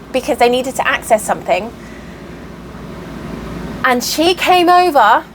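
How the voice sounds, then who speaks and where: Woman, high bright voice, casual vlog rant with faint hiss behind. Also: low-quality recording. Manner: animated, exasperated, acts out quoted voices. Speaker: cross-stitch vlogger. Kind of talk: casual storytelling monologue.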